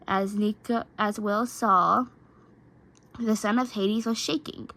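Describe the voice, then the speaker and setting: A woman reads a story aloud at a slow, careful pace. She trips over words, restarts lines, and corrects herself as she goes. Her voice sits at a middle pitch for a woman. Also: poor audio. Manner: stumbling, frequent restarts and self-corrections. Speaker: fan fiction reader. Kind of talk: amateur reading aloud of fan fiction.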